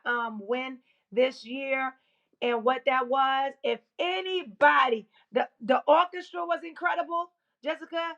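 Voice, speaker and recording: A woman's voice: a little high, gravelly, fairly bright tone. A woman hosting a casual live stream, chatty and playful, laughing as she greets viewers and talks. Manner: hype, chanting greetings and calls to share. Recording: dull lo-fi stream audio.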